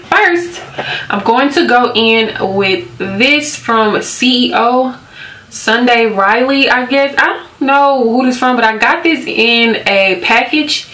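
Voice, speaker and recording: An echoey room carries this young woman's sharp, higher-side voice as she chats casually as a beauty vlogger, giggling frequently, using lots of fillers, and mixing stories with skincare talk.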